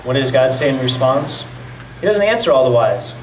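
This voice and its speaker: A man's voice: medium pitch, expressive, normal speed, a little hiss or hum. A man preaching a sermon as pastor in a conversational way, often acting out the voices of doubters. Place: church hall. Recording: roomy echo, mic at a distance.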